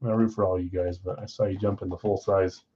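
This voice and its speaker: A man's voice: low voice, little pitch movement, brisk, mellow, dull audio, a little hiss or hum. A man hosting a live card break from a card shop, chatting casually while rattling off names and teams.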